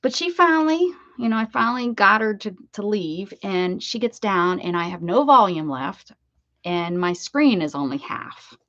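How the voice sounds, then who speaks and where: A woman's voice: medium pitch, big pitch swings, normal speed, a bit bright. A woman chatting casually while crafting on a live stream, greeting viewers by name and talking to her pets. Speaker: crafting livestream host. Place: home craft room. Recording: dull lo-fi stream audio.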